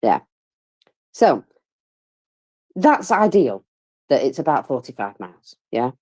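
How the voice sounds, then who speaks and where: In a slow, sing-song voice that's low, a little mellow, and wide-ranging in pitch, a woman talks through a war update for a live audio room. Though she sounds worn out and keeps holding back yawns, she stays wry and self-deprecating amid her fillers and side remarks.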